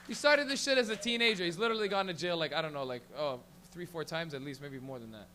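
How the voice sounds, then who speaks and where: Crowd noise fills a noisy background as a man with a highish voice and lively intonation takes the small lounge stage. The Canadian host of the open mic comedy night tells rapid, rambling, profane stories on a handheld mic.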